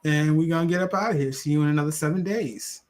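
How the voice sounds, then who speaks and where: A man's voice: on the high side, fast talker, a little mellow. A man co-hosting a casual live recap show, making laid-back, dry asides. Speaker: co-host.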